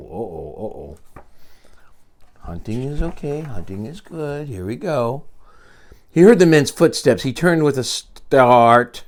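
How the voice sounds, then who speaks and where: An older man reading a picture book aloud to his grandchildren, expressive, with quiet asides to the children. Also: mid-range voice. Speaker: storyteller.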